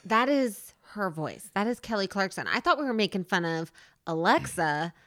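A woman co-hosts a casual podcast, bantering with her partner in an emphatic, playfully defensive way. Her voice sits at an ordinary middle pitch for a woman. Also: sing-song, normal speed, a bit bright. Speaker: podcast co-host. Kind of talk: casual chat.

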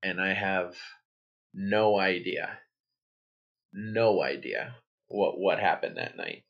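A man in his thirties, a guest author, telling a personal story in a relaxed, rambling way with many fillers and restarts. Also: deep voice, takes it slowly, vocal fry. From New Hampshire, United States. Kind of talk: conversational interview storytelling. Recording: dull lo-fi audio.

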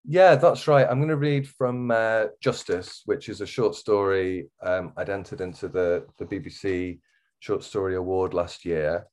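Wirral man on a podcast, low voice, lots of ums, kinda halting. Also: a little mellow. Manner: hesitant, full of ums and restarts. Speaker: podcast guest. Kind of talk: casual interview chat.

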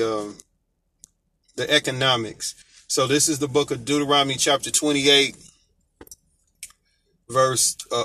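An American man gives an informal Bible teaching in a medium-pitched, pushed, bright voice. He reads scripture aloud and then explains it conversationally, using many fillers.

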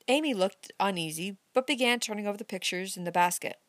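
This is scripted audiobook narration: a woman with a mid-range voice tells a novel's story expressively and at a measured pace. The recording is dry.

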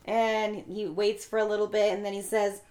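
A woman's voice: mid-range voice, level tone, normal speed, a little mellow. A woman in a casual chat, retelling a film plot and acting out the characters' lines. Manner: acts out the characters' lines while narrating. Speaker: podcast co-host.

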